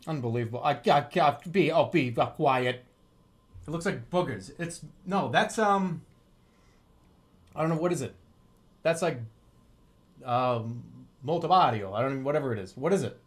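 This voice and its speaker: A man's voice: mid-range voice, lively intonation, normal speed, pauses often. A streamer from Boston, joking and swearing in casual livestream chat while he eats, talking with his mouth full. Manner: joking, profane, reacts to chat.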